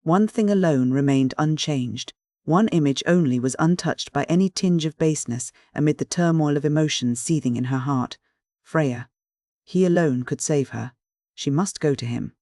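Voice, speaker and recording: A man reading a classic novel as an audiobook, with measured, earnest narration. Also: on the high side, mellow, no room sound, studio quality. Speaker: audiobook reader. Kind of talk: scripted narration.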